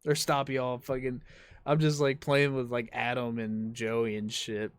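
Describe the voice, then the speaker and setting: A man's voice: medium pitch, level tone, measured pace, clear, resonant tone, dry recording. A young man hosting a podcast, telling rambling stories among friends, swearing freely and laughing. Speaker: podcast host. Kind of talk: casual chat.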